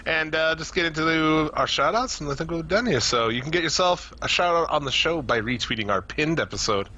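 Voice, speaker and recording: A man co-hosting a podcast in casual chat, loose and profane, laughing often, his voice going hoarse. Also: on the high side, expressive, fairly quick, bright, forceful tone, dull audio, slight background noise. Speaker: podcast co-host.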